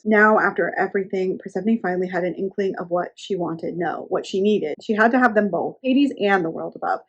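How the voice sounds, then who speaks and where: A woman's voice: mid-range voice, a little fast, hardly any pauses, husky, highs cut off. A young woman reviewing a book, chatting casually and reading passages aloud. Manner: chatty recap, filler "like", reading passages in a calm voice.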